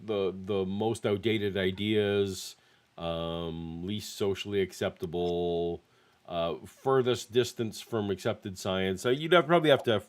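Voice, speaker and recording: A middle-aged man hosting a casual chat show, speaking in a measured, hesitant way. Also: on the low side. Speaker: host.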